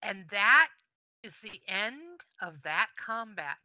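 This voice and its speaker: A woman game master narrates the game for her players in a measured way. Her voice is bright and smooth and comes through close and dry. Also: medium pitch, big pitch swings, no room sound.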